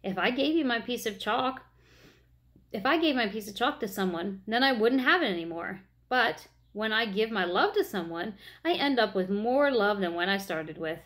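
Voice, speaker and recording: A woman reading aloud and voicing a kind, gentle woman schoolteacher who speaks softly and patiently. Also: mid-range voice, expressive, normal speed, natural voice. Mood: tender.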